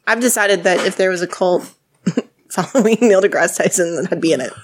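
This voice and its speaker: A woman's voice: fairly low pitch, a little fast. A woman chatting casually on a podcast, with hesitant, restarting phrases and many fillers. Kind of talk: casual chat.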